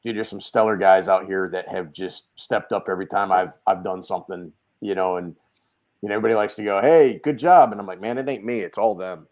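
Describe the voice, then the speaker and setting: A man, a guest on a video call podcast, telling stories in a loud, casual way and acting out the quotes. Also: low-pitched, quick pace. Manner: animated storyteller, acts out quotes, swears casually. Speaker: guest, dent repair tech. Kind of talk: casual storytelling chat.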